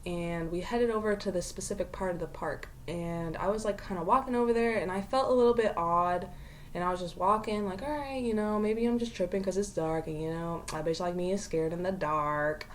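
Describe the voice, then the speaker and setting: A young woman co-hosting a podcast, telling a scary story with animated, slangy delivery and frequent swearing. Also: lowish voice, brisk, slight background noise. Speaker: podcast co-host. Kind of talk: casual storytelling chat.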